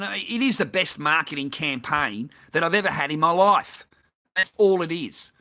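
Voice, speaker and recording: A man's voice: a little high, bright, forceful tone. A man with an Australian accent delivering an angry, profane, repetitive ranting monologue as a vlogger.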